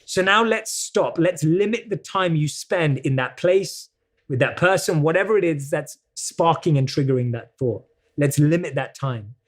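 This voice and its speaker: A man's voice: fairly high pitch, expressive, normal speed. A man with a British accent, talking earnestly in a conversational interview and explaining self-care ideas step by step. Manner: earnest, explanatory, acts out quoted self-talk. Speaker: guest coach. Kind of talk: conversational self-help talk.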